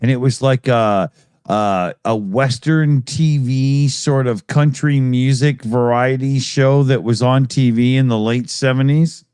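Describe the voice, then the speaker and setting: A man's voice: mid-range voice, fairly even intonation, a little slow, darkish tone, clear, resonant tone, no room sound, clean studio sound. A man in his fifties co-hosting a live stream in casual chat, laughing often and swearing freely.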